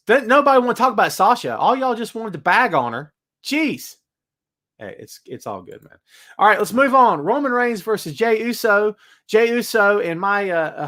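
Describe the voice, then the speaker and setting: A man hosting a wrestling chat show, talking casually in an animated, ranting way and laughing often. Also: high-pitched. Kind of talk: casual live-chat rant.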